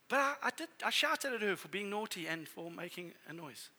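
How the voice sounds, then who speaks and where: A middle-aged man preaching a sermon as a pastor, telling family stories in a conversational, animated way. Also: high voice, fairly quick, few pauses.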